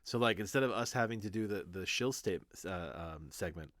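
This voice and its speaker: A man with a lowish, bright, forward voice chimes in on a casual podcast, halting as he agrees with his co-host. The sound is dry and close. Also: no room sound. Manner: brief agreeing interjections, halting. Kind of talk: casual chat.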